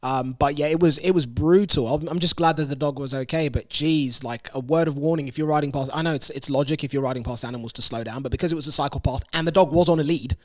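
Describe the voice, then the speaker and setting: A man's voice: fairly high pitch, fast, hardly any pauses, no echo, studio quality. A young man hosting a casual podcast, telling a story animatedly and laughing often. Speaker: podcast host.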